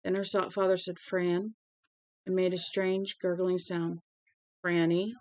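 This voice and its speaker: A woman's voice: lowish voice, completely flat delivery, unhurried, darkish tone, no room sound, low-quality recording. A woman reading a novel aloud on a stream, voicing the dialogue with feeling and correcting her small slips as she goes. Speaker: audiobook reader.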